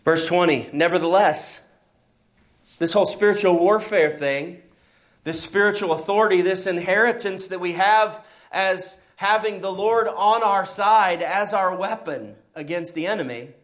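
A man's voice: high voice, measured pace, a bit bright. A man preaching a sermon as pastor, emphatic and asking his listeners rhetorical questions.

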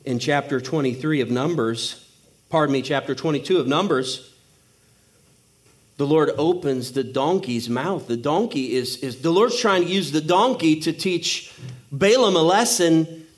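High-voiced man preaching with humor. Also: unhurried. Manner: humorous storytelling, acting out voices. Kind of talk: sermon.

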